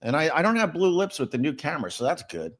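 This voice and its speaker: A man's voice: a little high, big pitch swings, fast, a bit bright. A middle-aged man hosting a livestream, chatting casually and answering viewer comments in a rambling, sarcastic way with many repeated words. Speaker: livestream host.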